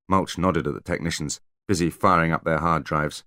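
A man narrating an audiobook in measured storytelling. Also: extremely low pitch, fairly even intonation, sharp tone, no echo, clean studio sound. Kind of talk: scripted narration.

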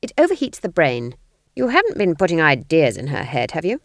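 A woman reading the part of a stern, proud old female witch, speaking flatly with clipped, cutting lines. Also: low-pitched, fairly quick, no room sound, clean studio sound, full character voice.

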